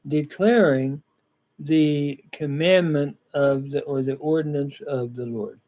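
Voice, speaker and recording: An older man teaching a scripture reading and grammar lesson in a slow, halting way with frequent fillers. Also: on the high side, warm tone. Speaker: Bible teacher.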